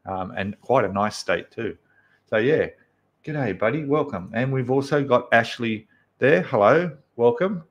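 A man's voice: medium pitch, animated, unhurried, dull audio. A man with an Australian accent hosting a casual live stream, chatting and greeting viewers one by one.

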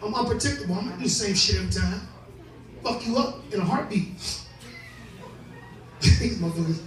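Man, high voice, profane stand-up crowd work, tipsy and laughing, distant mic, loud echoing club. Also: huge pitch swings, moderate pace, faint music behind. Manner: brash, profane, laughing often. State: drunk. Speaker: comedian hosting a show. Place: live club with audience. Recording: echoey room, distant mic, crowd noise.

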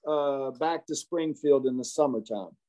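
A man teaching a Bible study in a casual, halting way, often asking if listeners follow. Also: medium pitch, mellow, low-quality recording.

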